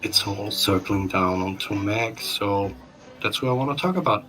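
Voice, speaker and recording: A man's voice: lowish voice, moderate pace, pushed and bright, faint music behind, poor audio. A man playing a tabletop game, talking in character in a pushy, sarcastic way. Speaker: player.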